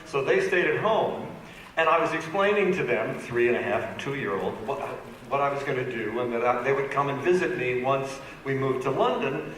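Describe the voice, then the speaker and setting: A man telling a lively anecdote on a fan convention panel, acting out the other people in the story as he goes. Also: mid-range voice, moderate pace. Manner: lively storyteller, acts out voices. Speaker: panel guest actor. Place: large convention hall. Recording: echoey convention hall, distant mic, noisy.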